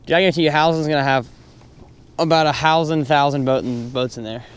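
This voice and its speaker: A man vlogging from a boat on a lake, chatting and excitable as he explains how he practices for fishing tournaments. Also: on the high side, quick pace, smooth. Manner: chatty and excitable, thinking aloud. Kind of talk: casual vlog with fishing tips.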